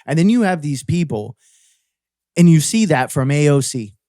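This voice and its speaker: A man from Cleveland co-hosting a podcast, talking in a casual, animated and profane way. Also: on the high side, moderate pace, no room sound, studio quality. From Cleveland, Ohio. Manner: animated, profane, mimics voices. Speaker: podcast co-host.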